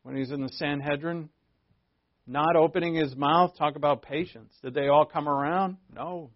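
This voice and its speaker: A man preaching a conversational sermon, earnest, asking rhetorical questions and shifting from emphatic to hushed. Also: on the high side, steady tone, normal speed, no echo, lo-fi sound. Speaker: pastor.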